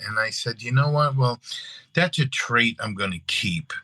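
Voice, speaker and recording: A middle-aged man from Long Island with a New York accent, an actor telling stories in a casual interview, animated and repeating his words as he acts out scenes. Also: mid-range voice, unhurried, dry recording, rough recording. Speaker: actor and guest.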